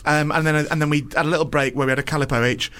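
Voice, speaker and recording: A man hosting a radio show, talking fast with a slightly raised pitch. He rambles through self-mocking anecdotes in a comic chat style. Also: steady tone, bright, forceful tone, clean tone.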